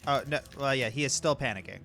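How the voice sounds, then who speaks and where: A man running a tabletop game as game master, relaxed and unhurried, with many fillers. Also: mid-range voice, gravelly.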